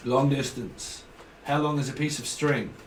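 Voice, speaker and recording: A man's voice: mid-range voice, unhurried, distant mic. Man, rambling comic tarot reader, recorded in a roomy space with faint hiss. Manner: jokey, rambling, breaks into song and silly voices.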